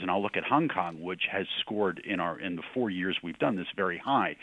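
Man, very low voice, phone-line sound, dry, measured explanations. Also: dry recording. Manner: measured, explanatory, emphatic qualifiers. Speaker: real estate research executive, guest. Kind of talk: interview answers.

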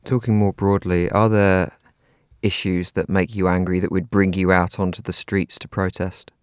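A man's voice: low-pitched, little pitch movement, moderate pace, smooth, no echo, studio quality. A man interviewing a guest, asking probing, conversational questions.

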